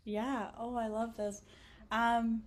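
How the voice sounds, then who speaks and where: A woman's voice: a little high, slow pace. A young woman in her twenties, a physician assistant student, talking as a podcast guest in a chatty, emotional way with many fillers. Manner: emotional, animated, lots of fillers and laughter. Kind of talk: casual interview chat.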